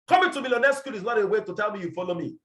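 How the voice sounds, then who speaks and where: A man leading his business team in a forceful motivational talk, repeating his points and firing rhetorical questions over a video call. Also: high-pitched, animated, rapid-fire, echoey room. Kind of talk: motivational address to an online team meeting.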